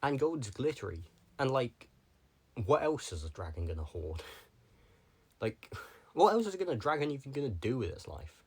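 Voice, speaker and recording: A man's voice: medium pitch, big pitch swings, normal speed, long pauses, slightly rough. A young man talking casually to the camera, rambling from one tangent to the next with lots of filler words. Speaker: vlogger.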